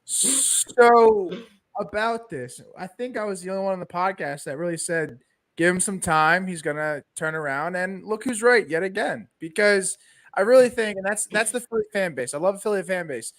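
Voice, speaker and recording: A man's voice: high-pitched, lively intonation, normal speed, a bit bright. A man co-hosting a casual sports podcast, talking animatedly and reading sponsor spots. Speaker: podcast co-host.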